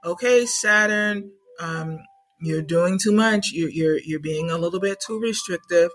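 A woman voicing kindly elevated ancestor spirits who coax and gently scold in a motherly way. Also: lowish voice, a little slow, faint music behind.

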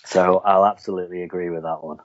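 A man's voice: deep voice, level tone, fast. A man hosting a podcast, chatting casually about films and games in a rambling way with lots of restarts. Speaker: podcast host. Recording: dull lo-fi recording.

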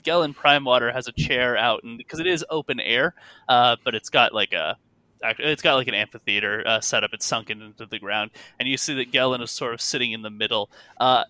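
A man's voice: medium pitch, a little fast, bright, forceful tone, no echo. A man narrating as game master in a tabletop game, loose and full of fillers and restarts.

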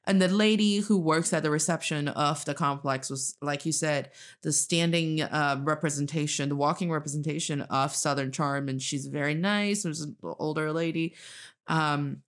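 A woman from China chatting casually as a podcast co-host, telling animated stories with laughs. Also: sits low, moderate pace. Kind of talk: casual conversation.

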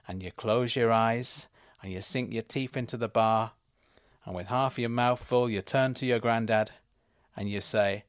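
A man, hosting a podcast and delivering a deadpan comic monologue about absurd schemes. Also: mid-range voice, unhurried, no room sound, clean studio sound. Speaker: podcast host.

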